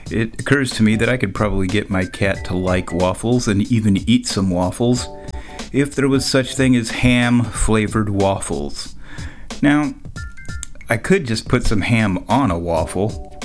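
A man's voice: fairly low pitch, unhurried, faint music behind. A man telling a rambling, jokey story in a casual monologue, often laughing as he talks.

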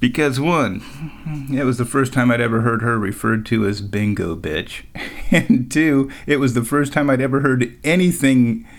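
A man's voice: mid-range voice, expressive, normal speed. Rambling, chuckling male solo talker. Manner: laughs often while talking, wry asides. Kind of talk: rambling casual storytelling.

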